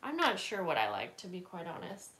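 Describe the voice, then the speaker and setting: A woman's voice: fairly low pitch, huge pitch swings, brisk, very noisy. A woman hosting a casual craft livestream, chatting and rambling with lots of fillers while she stamps and works at her table. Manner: chatty, rambling, many fillers and self-corrections.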